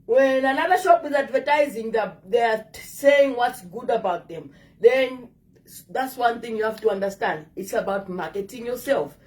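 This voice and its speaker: Higher-voiced woman with an African English accent. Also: animated, normal speed, darkish tone, far from the mic. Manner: direct, coaxing, calls viewers "my darling". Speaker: dating advice vlogger. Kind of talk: casual advice monologue.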